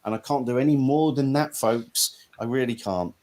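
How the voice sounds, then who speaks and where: A man's voice: medium pitch, fairly even intonation, moderate pace, darkish tone. Middle-aged english guy hosting a live stream, blunt and chatty, swears a bit. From Norfolk, England. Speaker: host. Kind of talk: casual live-stream chat.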